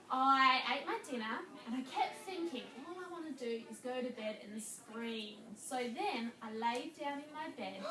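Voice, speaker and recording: A woman teacher with a high voice takes a class through a reading lesson, her pace slow and deliberate. She stretches words out to clap their syllables. She was recorded from across an echoey classroom, and noise runs underneath. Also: distant mic. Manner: slow, clear, drawn-out words clapped in syllables.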